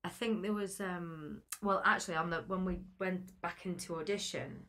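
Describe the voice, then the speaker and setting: A woman's voice: fairly low pitch, steady tone, normal speed, sharp tone. A woman in her thirties, a guest actress in a casual interview, chatty and laughing as she acts out quotes.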